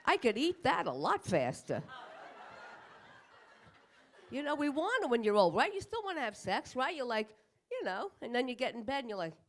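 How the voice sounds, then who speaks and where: A woman's voice: sits high, very animated, moderate pace, pauses often. A woman in her fifties doing a crude, profane stand-up comedy set on a club stage, acting out asides. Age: 50s. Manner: crude, brash, profane punchlines with acted-out asides.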